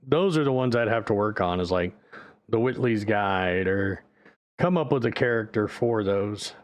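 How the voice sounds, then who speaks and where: A man's voice: on the low side, lively intonation, moderate pace. Rambling man chatting on a livestream. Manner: rambling, loose and profane. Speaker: streamer. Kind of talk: casual livestream chat.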